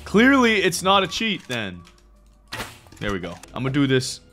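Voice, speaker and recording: A man's voice: a little high, normal speed. A young man giving playful, jokey commentary while playing a video game with a friend. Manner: jokey, excitable, frequent exclamations. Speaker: gaming YouTuber. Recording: faint game music behind.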